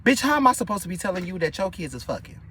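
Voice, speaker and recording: Animated, high-pitched young man telling a story. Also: very fast, a little hiss or hum. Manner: animated, profane, gossipy, with sudden high-pitched outbursts. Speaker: storyteller vlogger. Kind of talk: casual storytime monologue.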